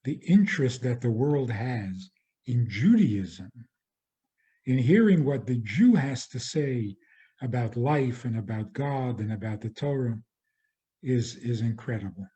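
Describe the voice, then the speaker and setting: A male rabbi lecturing at a very slow, deliberate pace. His tone is mellow and dark. He talks in a measured way and often circles back to repeat a phrase. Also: medium pitch, lively intonation. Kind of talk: spoken lecture.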